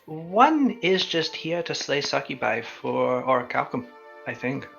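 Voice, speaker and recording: A man taking part in a tabletop role-play game, talking in character with many pauses and fillers. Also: mid-range voice, big pitch swings, gravelly, muffled recording, loud music behind the voice. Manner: halting, with many ums and uhs. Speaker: tabletop player.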